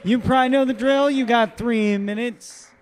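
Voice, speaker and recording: A man acting as emcee at a live comedy show, briskly calling up comics and explaining the time rules. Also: very high voice, steady tone, some chatter behind. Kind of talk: introducing comics. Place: live comedy club stage.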